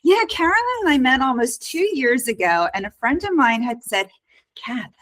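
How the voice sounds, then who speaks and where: A woman hosting a casual podcast chat over a video call, chatty, laughing often and pausing on fillers. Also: high voice, very animated, fairly bright tone, low-quality recording. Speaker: podcast host.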